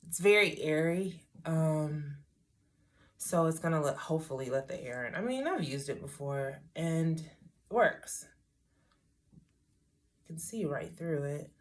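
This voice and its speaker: A woman's voice: deep voice, expressive, measured pace, long pauses. A middle-aged woman talking casually through a hair tutorial, rambling with wry asides to herself. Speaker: hair vlogger.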